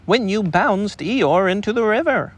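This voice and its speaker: A fussy, self-important rabbit talks in a high voice with bossy, officious precision, as a man puts him on. His pitch jumps around as he takes charge. A storybook busybody through and through. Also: lively intonation, a little slow.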